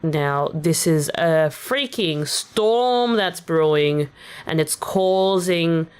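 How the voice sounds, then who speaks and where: A woman's voice: sits low, a little mellow. A young woman with a general Australian accent, chatting casually and rambling with many fillers as she explains her rap lyrics on a stream. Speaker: VTuber streamer. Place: at home on a rainy day.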